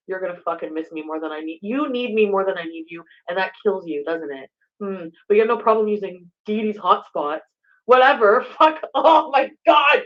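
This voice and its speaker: A woman's voice: medium pitch, lively intonation, normal speed, highs cut off. A woman livestreaming, swearing heavily and raging at someone who is not there. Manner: swearing, raging, addressing an absent man. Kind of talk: angry livestream rant.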